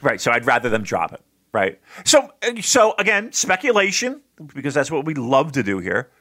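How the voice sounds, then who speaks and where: A man with a bright voice and a lively, swooping pitch co-hosts a casual chat podcast. He rambles and restarts his thoughts, gets excitable, and swears freely as he goes. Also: moderate pace, no room sound, clean studio sound. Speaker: podcast co-host. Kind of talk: casual wrestling review chat.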